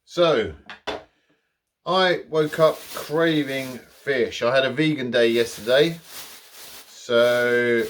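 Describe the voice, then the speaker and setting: Slow, rambling man hosting a cooking vlog. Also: mid-range voice, a bit bright, recorded from a distance, slight background noise. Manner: rambling, chatty, jokey asides. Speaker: cooking channel host.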